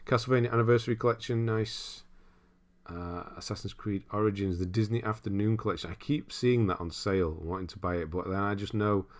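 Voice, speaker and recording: A young man with a deep, low-pitched voice hosts a relaxed livestream. He reads out viewer comments and muses on them in a loose, rambling way, chuckling often as he goes. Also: fairly quick. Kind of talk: casual live-stream chat.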